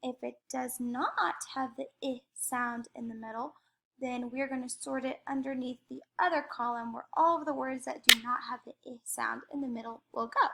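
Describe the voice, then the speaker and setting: A young adult woman teacher slowly modeling letter sounds in a phonics lesson. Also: high voice, gravelly, background noise. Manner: slow, careful modeling of sounds.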